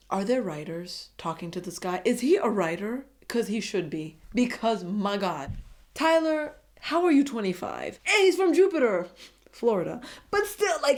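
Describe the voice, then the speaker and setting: A woman's voice: mid-range voice, big pitch swings, moderate pace, a little mellow. Gushing woman recapping a dating show. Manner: gushing, dramatic, talks straight to viewers. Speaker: reality TV recap vlogger. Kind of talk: casual recap commentary.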